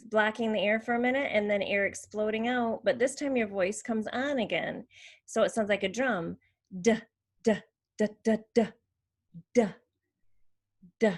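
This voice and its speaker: A woman speech language therapist, patiently explaining how letter sounds are made and modeling each one. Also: on the high side. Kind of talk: instructional demonstration.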